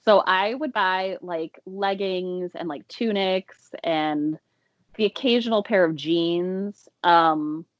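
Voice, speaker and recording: Laid-back giggly woman cohost, lowish voice, kinda muffled lo-fi audio. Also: slow pace, no echo. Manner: relaxed, giggly, rambling. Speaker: podcast co-host. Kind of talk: casual chat.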